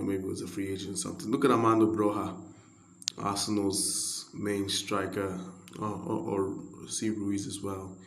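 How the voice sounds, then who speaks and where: A man from Nigeria giving casual, rambling commentary while playing a football management game. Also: fairly low pitch. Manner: chatty, rambling, quick to get excited. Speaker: gaming video creator. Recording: roomy echo.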